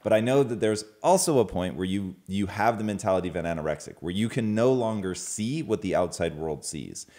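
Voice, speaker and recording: A man with a very deep, low-pitched voice hosts a casual relationship chat. He explains his reasoning earnestly and at length. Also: expressive, brisk, hardly any pauses, dark tone. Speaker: host.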